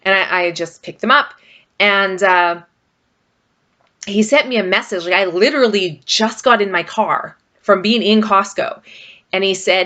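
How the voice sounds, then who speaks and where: A woman's voice: mid-range voice, measured pace, bright, forceful tone. A middle-aged woman vlogger talking casually and rambling about her marriage, with frequent fillers. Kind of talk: casual personal talk to camera.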